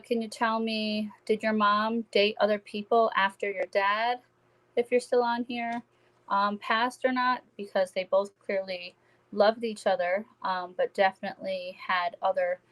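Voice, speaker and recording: A woman working as a psychic medium, giving a live-stream spirit reading and speaking gently and reassuringly to viewers by name. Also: mid-range voice, little pitch movement, measured pace, rough recording.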